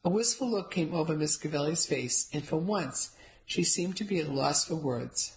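A woman's voice: low voice, lively intonation, normal speed, low-quality recording. Wry woman narrating a story. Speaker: audiobook narrator. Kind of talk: first-person scripted narration.

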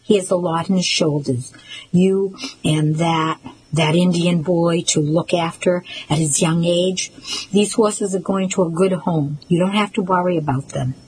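A woman reading the part of a gruff, menacing old man buying horses, in a smooth, coaxing manner. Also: lowish voice, steady tone, a little slow, darkish tone, slight background noise, close to an everyday voice, low-quality recording.

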